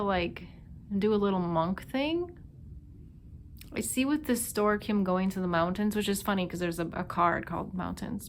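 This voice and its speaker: A woman with a Minnesota accent talks her way through a tarot spread in a loose, chatty manner, thinking aloud and leaning on fillers. Her pitch sits in a mid range for a woman. A faint hum of room sound runs underneath. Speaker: tarot reader. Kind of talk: casual tarot reading monologue.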